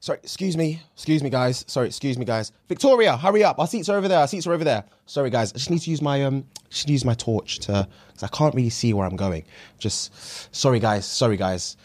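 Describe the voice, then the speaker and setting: A man playing a famous footballer, softly and politely excusing himself in a dark cinema. The voice sits lower than his usual one and stays hushed and courteous. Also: lively intonation, fast talker, natural voice. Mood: apologetic. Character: soft-spoken famous male footballer leading his family to cinema seats.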